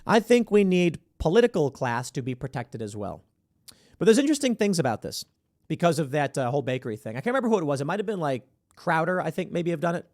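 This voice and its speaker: A man's voice: fairly high pitch, very animated, quick pace, darkish tone, dry recording, studio quality. A man hosting a commentary show, talking in a sarcastic, opinionated way and acting out the voices he quotes. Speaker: podcast host.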